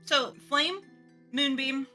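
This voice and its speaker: A woman's voice: high-pitched, takes it slowly, pushed and bright, faint music behind. A woman playing in a live-streamed tabletop game, chatting in a bubbly way and laughing easily.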